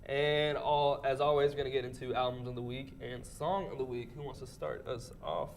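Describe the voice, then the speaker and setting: A man's voice: medium pitch, steady tone, fairly quick. Young man, stuffy nose, nasal, upbeat co-host, casual music chat, faint background noise. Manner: upbeat, laughs often, leads the segments. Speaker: co-host of a music commentary show.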